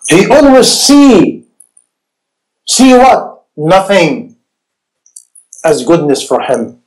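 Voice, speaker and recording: A man preaching a sermon, animated and rising to shouts, firing rhetorical questions at his audience. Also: medium pitch, low-quality recording. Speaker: Islamic preacher.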